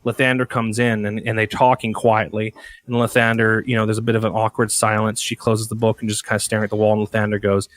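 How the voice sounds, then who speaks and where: A man's voice: lowish voice, level tone, quick pace, a bit bright, no echo. Rambling man brainstorming a story. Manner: rambling, full of "you know" and restarts. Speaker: podcast co-host. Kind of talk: casual brainstorming chat.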